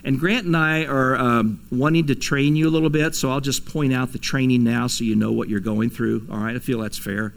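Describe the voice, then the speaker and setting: Pastor preaching a conversational sermon. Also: male voice, medium pitch, fairly even intonation, fairly quick, vocal fry, few pauses. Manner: conversational preaching with chuckles and dramatic quoted voices. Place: church sanctuary.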